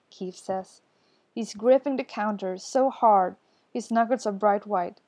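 A woman narrating a podfic in a soft, intimate way. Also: mid-range voice, a little slow. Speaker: podfic reader. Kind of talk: scripted narration.

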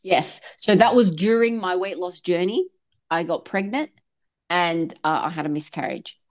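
A woman's voice: on the low side, normal speed. A woman in her thirties, a podcast guest, talking earnestly and with feeling about faith and motherhood. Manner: earnest, animated, switches into quoted voices. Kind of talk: emotional faith and fertility talk.

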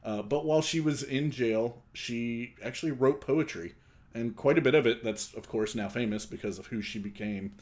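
A man's voice: medium pitch, normal speed, a little mellow. A man co-hosting a podcast in casual chat, laughing often and swearing casually. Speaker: podcast co-host.

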